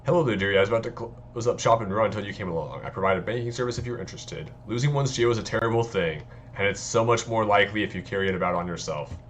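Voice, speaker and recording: A man reading out a friendly female banker creature from a video game, a little softer than his usual talk. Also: fairly low pitch, very fast, highs cut off, a little hiss or hum, close to an everyday voice. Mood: sweetly welcoming.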